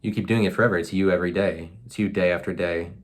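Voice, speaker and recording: A man's voice: deep voice, steady tone, fast, slight background noise. A man hosting a solo podcast from his apartment, musing aloud in a rambling, self-mocking way full of fillers. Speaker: podcast host. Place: apartment room.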